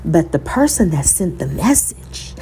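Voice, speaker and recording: A woman's voice: fairly low pitch, sing-song, measured pace, warm tone, slight background noise. A woman podcast host telling an emotional, faith-filled personal story, talking to listeners as y'all and quoting scripture in a sermon cadence.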